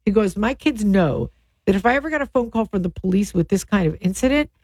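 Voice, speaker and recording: A middle-aged woman co-hosting a radio talk show, animated and opinionated in her chat. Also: mid-range voice, fast talker, no echo. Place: radio studio. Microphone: studio microphone.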